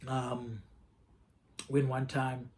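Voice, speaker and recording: Brief: casual male vlogger, mid pitch, candid and profane storyteller. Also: level tone, drawn-out words, a little mellow. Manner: candid, profane, repeats himself.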